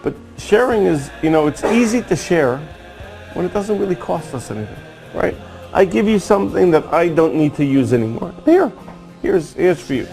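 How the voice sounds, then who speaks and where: A man giving a storytelling sermon on Kabbalah, animated and acting out the quoted dialogue. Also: a little high, moderate pace, gravelly, soft background music, low-quality recording. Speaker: Kabbalah teacher.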